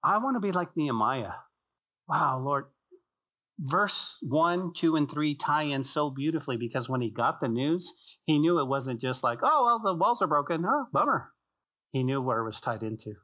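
A male pastor delivers a sermon in church in a medium-pitched, fairly bright voice at a moderate pace. He is emphatic and repetitive, posing rhetorical questions and tossing conversational jokes and asides to the congregation.

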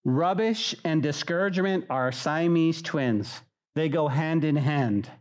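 A man preaching a sermon in church, animated and conversational, acting out what his listeners might say. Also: fairly high pitch, measured pace. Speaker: pastor.

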